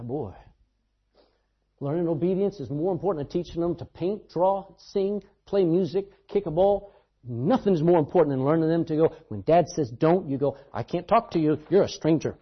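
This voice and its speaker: A man with a fairly high, slightly rough voice delivers a sermon full of emphatic storytelling. He alternates between loud bursts and quiet asides, and the recording is dull and lo-fi.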